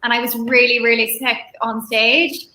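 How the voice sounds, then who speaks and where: A woman guest telling stories in a relaxed chat, laughing often. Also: on the high side, normal speed, roomy sound, poor audio. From Ireland. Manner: chatty storyteller, laughs often. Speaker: guest musician. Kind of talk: casual chat on a live stream.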